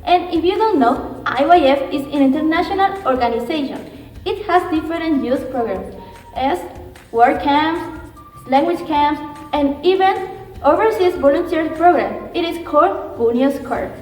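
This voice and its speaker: High-voiced woman teaching slowly, echoey. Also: expressive, a little mellow, far from the mic, faint music behind. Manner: slow, patient, checks in with "okay?"; repeats words slowly for the viewer to echo. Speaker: Spanish teacher. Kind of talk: beginner language lesson.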